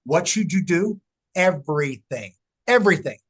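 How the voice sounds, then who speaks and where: A middle-aged man, a researcher, telling his story in an interview with animated, emphatic delivery. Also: on the high side, normal speed. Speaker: guest, researcher. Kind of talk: casual interview talk.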